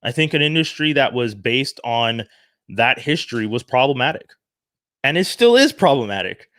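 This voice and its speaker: A man from Canada giving an earnest, animated opinion monologue, often restarting his sentences. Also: medium pitch, no echo, studio quality. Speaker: commentary vlogger.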